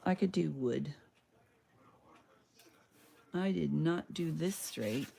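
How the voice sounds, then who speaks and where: A woman's voice: sits low, takes it slowly, creaky, mellow, a little hiss or hum. A woman, chatting to viewers and muttering to herself as she crafts in her home loft. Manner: chatty, talks to herself while working. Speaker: crafting livestreamer. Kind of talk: casual crafting chat to viewers.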